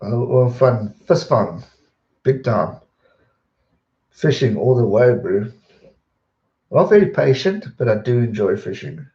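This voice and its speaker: Man, young adult, mellow dark tone, roomy muffled stream audio, rambling casual chat. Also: medium pitch, slow pace, long pauses. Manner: relaxed, rambling, repeats words when distracted. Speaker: streamer answering viewer questions.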